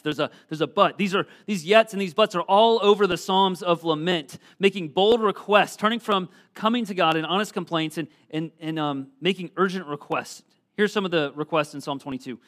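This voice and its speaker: Middle-aged male preacher, earnest sermon delivery, voice pitched a bit high, scripture read with swelling emphasis. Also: normal speed, fairly bright tone. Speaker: pastor.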